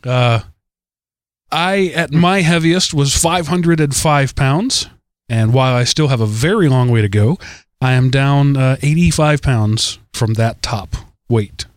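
A man's voice: mid-range voice, measured pace, no echo, studio quality. A man hosting a podcast in casual chat, teasing and wordy. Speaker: podcast host.

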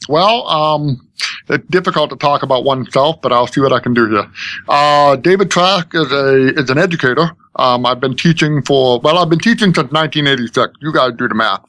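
A man's voice: mid-range voice, a little fast, bright, forceful tone, no room sound. Earnest man from Maine, many fillers. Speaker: guest, school technology director. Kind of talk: podcast interview.

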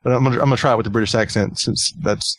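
A man's voice: medium pitch, fairly even intonation, racing, no room sound. A man hosting a podcast in easy casual chat. He often repeats himself and laughs along as he talks. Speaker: podcast host.

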